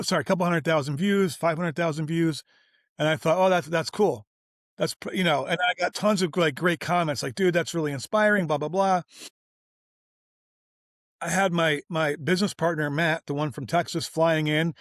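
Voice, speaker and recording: A man telling a story informally on an interview show, animated and slangy, voicing everyone he quotes. His voice sits a bit higher than most men's. The recording is close and dry, with no room sound. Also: normal speed, no echo. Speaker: guest, business owner.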